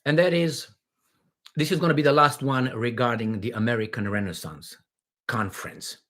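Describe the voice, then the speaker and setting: A middle-aged man hosts a casual livestream. He rambles from one viewer comment to the next and jokes as he goes. His voice sits at an ordinary middle pitch, full of fillers and restarts. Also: moderate pace, fairly bright tone. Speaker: livestream host.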